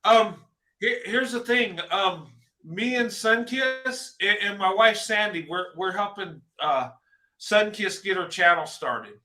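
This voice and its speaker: A man hosting a casual livestream chat, halting and repeating words while he encourages a friend. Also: sits high, pushed and bright, reverberant. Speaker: host.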